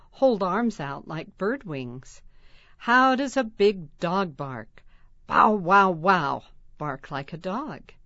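A woman reading children's stories, rhymes and recipes aloud in a slow, expressive way. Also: fairly low pitch, no echo, lo-fi sound. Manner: slow, expressive reading with lively sound words. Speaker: reader of a children's magazine. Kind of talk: read-aloud narration for children.

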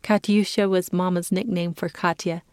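A woman giving a calm, clear reading as the narrator of a children's story. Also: fairly low pitch, normal speed, dry recording, clean studio sound.

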